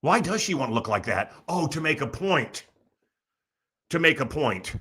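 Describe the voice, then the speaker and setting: A man's voice: on the high side, very animated, moderate pace, pushed and bright, husky. A man hosting a talk show, delivering a sarcastic, ranting comedic monologue full of mocking asides. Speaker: radio show host.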